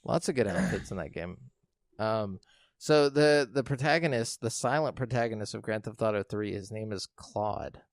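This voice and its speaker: A man's voice: fairly low pitch, no room sound, studio quality. Easygoing young male podcast co-host. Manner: easygoing, hesitant with many "uh" pauses. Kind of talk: casual chat.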